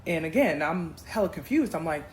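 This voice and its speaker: A woman telling a dating story in a casual storytime, addressing viewers as y'all with animated emphasis. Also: low-pitched, a little fast, a little hiss or hum, low-quality recording. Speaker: storyteller in a clip.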